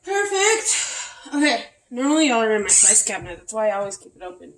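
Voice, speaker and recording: A woman's voice: on the high side, very animated, fast talker. A woman chatting casually while she cooks dinner in her home kitchen, a bit out of breath. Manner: chatty, talks while cooking, uses "y'all". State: out of breath from back pain. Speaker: cooking vlogger. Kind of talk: casual cooking vlog narration. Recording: echoey kitchen with frying noise. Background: frying and sizzling.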